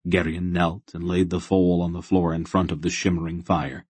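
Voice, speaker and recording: An audiobook narrator with a deep, husky male voice reads scripted narration in a steady, measured storytelling manner. There is no room sound.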